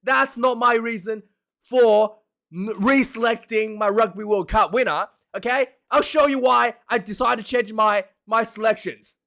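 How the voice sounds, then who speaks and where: A man hosting a casual rugby predictions vlog, talking in an animated, jokey, ranting way with loud outbursts. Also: extremely high pitch, a little slow, creaky. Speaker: rugby vlogger.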